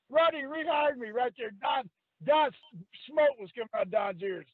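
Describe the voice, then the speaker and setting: An older man spins salty stories in a strikingly high voice. He talks rough and laughs a lot. The sound is thin and tinny, like a phone call, with no room around it. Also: wildly swooping pitch, slow, no echo. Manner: rough, salty storyteller, quoting others, laughing often. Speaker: guest, retired wrestler. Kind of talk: storytelling on a call-in radio podcast. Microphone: phone line. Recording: tinny phone line, dry.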